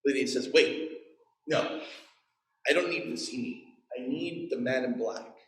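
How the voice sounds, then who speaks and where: A man's voice: medium pitch, measured pace, roomy sound, poor audio. A man in his forties preaching a sermon, telling the story with playful asides and acted-out quotes. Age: 40s. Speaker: pastor. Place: church.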